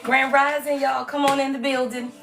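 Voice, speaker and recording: A woman, hosting a casual live stream as a tarot reader, her voice strained and hoarse, chatty and playful with her viewers. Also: high voice, level tone, normal speed, music in the background, low-quality recording.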